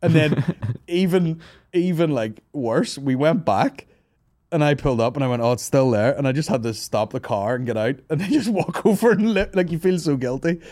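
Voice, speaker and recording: A man's voice: a little high, moderate pace, darkish tone, no echo, clean studio sound. A Northern Irish man in his thirties hosting a comedy podcast, telling a long, sweary story and laughing his way through it. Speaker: podcast host. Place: studio office.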